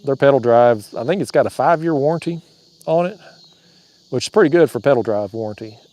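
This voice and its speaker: Out on a kayak on a nighttime river, a man in a warm, mid-range voice runs a casual fishing livestream. He moves briskly through viewer comments, drawling and joking and chuckling at his own gags.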